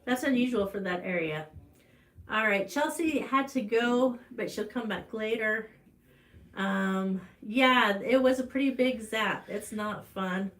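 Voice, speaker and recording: A woman with an Ozark American accent hosts a live stream for a farm channel, telling a personal story at a measured pace in a voice that's a bit bright. She's chatty, with fillers and restarts, and her voice rises high during the emotional parts.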